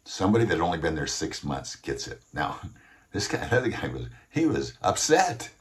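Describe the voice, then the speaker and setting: A man with a deep, low voice giving an emphatic motivational talk. He urges the listener on, slows down to stress his key points, and tells a story along the way. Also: very animated. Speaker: host, motivational speaker.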